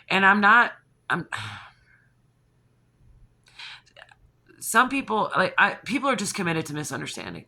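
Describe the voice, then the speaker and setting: Bright-voiced woman telling a rambling story. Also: mid-range voice, normal speed, long pauses. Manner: animated and rambling, with restarts, gasps and laughs. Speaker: channel host. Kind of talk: casual personal storytelling.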